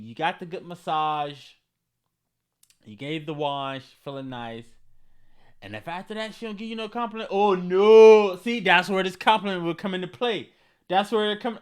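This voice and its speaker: A man hosting a comedy vlog, reading viewer comments aloud and reacting in slangy, animated commentary with bursts of mock outrage. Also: high voice, moderate pace, clean tone.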